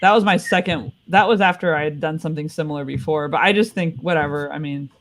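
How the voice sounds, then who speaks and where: A man's voice: fairly high pitch, fast, a bit bright. An American comedian man, telling a story in a laid-back, casual way on a comedy panel. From California, USA.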